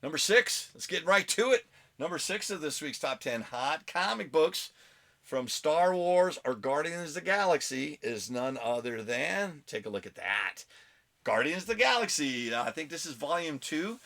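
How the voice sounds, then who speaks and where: A man's voice: fairly high pitch, animated, moderate pace, gravelly, pushed and bright. A man hosting a casual comic book collecting vlog at home, rambling and chatty with self-mocking asides. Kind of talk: casual show-and-tell vlog.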